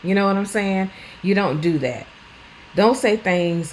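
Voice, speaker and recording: With lively intonation and a medium-pitched voice, a woman in her fifties talks a little slowly while cleaning at home for her lifestyle vlog. She is earnest and blunt in a plainspoken way, and the recording quality is low.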